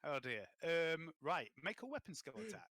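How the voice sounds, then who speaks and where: A man running a tabletop game in a relaxed, hesitant way, full of ums and the odd swear word. His voice is bright and lively in pitch. It sounds close and dry. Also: normal speed, dry recording. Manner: casual, hesitant, with many ums and frequent swearing. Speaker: game master.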